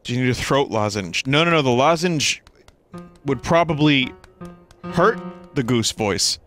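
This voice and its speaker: A man giving excitable, swearing let's-play commentary as a streamer, laughing and yelping up high. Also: unhurried, soft background music.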